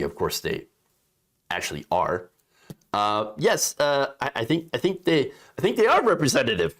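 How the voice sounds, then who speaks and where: A man's voice: mid-range voice, sing-song, moderate pace, fairly bright tone. A man giving political opinion commentary in a sarcastic, indignant, conversational way. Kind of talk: opinion commentary reading news.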